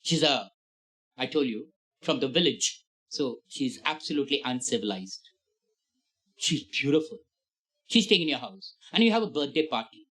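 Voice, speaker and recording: A man, a tutor explaining a play to students in an animated way, acting out lines in shifting voices. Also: medium pitch, moderate pace, long pauses, low-quality recording. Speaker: literature tutor.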